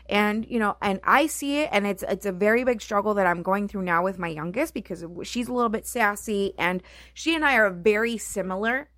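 A woman's voice: mid-range voice, brisk, few pauses, a bit bright, dry recording. A middle-aged woman speaking as a mother, earnest and reflective, in a heartfelt personal monologue full of "you know" and "right?".

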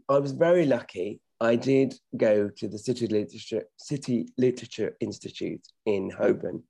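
A middle-aged man chats modestly as an interview guest in a low, gravelly voice. His tone is dark and a little husky. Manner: modest, chatty, self-correcting. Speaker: actor and podcast guest. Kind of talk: casual interview talk.

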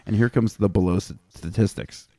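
Low-voiced man reading stats on a podcast. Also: fairly even intonation, a little fast, dark tone, no echo. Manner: reads statistics with offhand jokes. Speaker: podcast host. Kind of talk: casual podcast chat.

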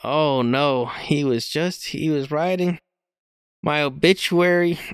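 Slow-talking self-mocking young man. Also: a little high, steady tone, smooth, dry recording, studio quality. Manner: self-deprecating, rambling, laughs often. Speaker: podcast host. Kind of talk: casual solo podcast rambling.

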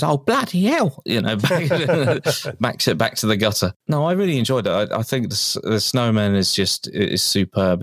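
This man also co-hosts a podcast, keeping the talk loose and breaking into laughter a lot. His voice is on the low side, captured in clean studio sound without any echo.

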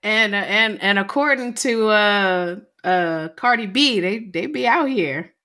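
A woman's voice: mid-range voice, animated, unhurried, pushed and bright. A woman co-hosting a podcast, chatting casually and telling stories with a laugh. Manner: chatty, storytelling, laughs along. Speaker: podcast co-host. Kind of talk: casual chat.

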